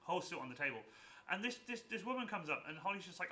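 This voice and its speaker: A man hosting a casual stream chat, telling lively anecdotes and acting out the voices in them. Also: high-pitched, quick pace. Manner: animated, acts out voices in anecdotes. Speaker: cosplayer and stream host.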